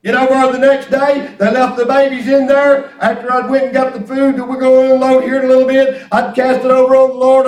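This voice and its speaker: A man preaching a storytelling sermon, animated and exclamatory, often breaking into laughter. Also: very high voice, a little fast, few pauses. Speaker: pastor. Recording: roomy hall, mic at a distance.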